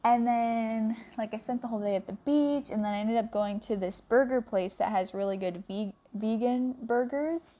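Young woman podcaster rambling about her trip, bubbly, kinda high voice. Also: moderate pace, hardly any pauses, dark tone. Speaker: podcast co-host giving a travel update. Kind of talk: casual monologue.

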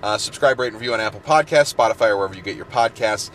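A man's voice: on the low side, rapid-fire, a bit bright, slight background noise. A man co-hosting a casual podcast, joking around, swearing freely and reading the show's closing plugs. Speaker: podcast co-host.

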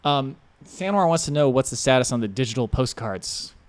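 A relaxed man hosts a casual group podcast, passing along viewer questions in an easygoing way. His voice sits at an ordinary middle pitch. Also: moderate pace. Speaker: podcast host.

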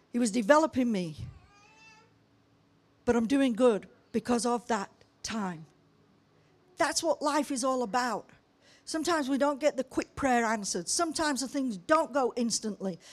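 Higher-voiced older woman preaching. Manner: lively storytelling with humour and emphatic pauses. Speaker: pastor. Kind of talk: sermon.

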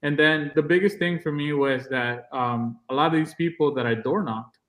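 A man's voice: a little high, normal speed, fairly bright tone. A man guest on an interview podcast, casually telling stories in a blunt, to-the-point way and acting out the dialogue. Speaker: podcast guest, real estate agent.

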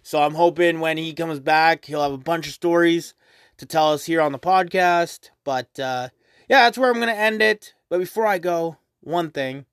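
Man, young adult, high-pitched, dry sound, rambling, swearing, casual podcast monologue. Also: normal speed, a bit bright, smooth, no room sound. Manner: rambling, swears often, many fillers. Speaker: podcast host.

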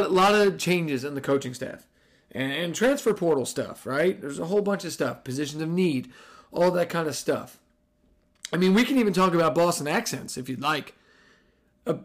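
A man hosting a casual sports podcast, talking in a sarcastic, profane and excitable way. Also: medium pitch. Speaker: podcast host.

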